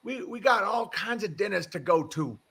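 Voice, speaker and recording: A man's voice: sits high, expressive, moderate pace, creaky, bright, forceful tone, slightly rough, voice pushed up, full character voice. A man voicing a cheerful elderly Southern good old boy with a friendly, folksy drawl. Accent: Southern US drawl, put on.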